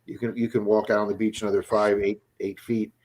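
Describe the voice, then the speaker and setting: A man's voice: on the low side, little pitch movement, a little fast, darkish tone, slightly rough. Rambling man hosting a live stream. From Florida. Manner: rambling storyteller, repeats words when starting sentences. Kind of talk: casual live stream chat.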